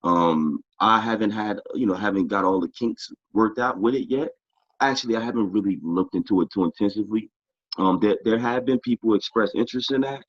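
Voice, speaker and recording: A man's voice: fairly low pitch, brisk, no echo, highs cut off. A middle-aged man, a boxing club founder, talking casually as a tired interview guest and rambling through many fillers. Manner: relaxed, rambling with many "you know" fillers. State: tired, short on sleep.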